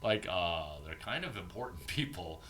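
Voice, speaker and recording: A man giving an informal, profane coaching talk as an entrepreneurship mentor, animated and acting out bits of banter. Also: deep voice, moderate pace, a little hiss or hum.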